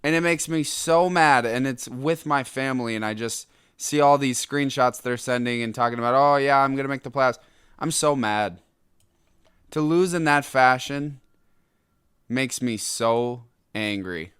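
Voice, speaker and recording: A young adult man hosting a solo podcast, ranting in an angry, exasperated way with sudden loud outbursts. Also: mid-range voice, unhurried, clean tone, no echo, clean studio sound. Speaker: podcast host.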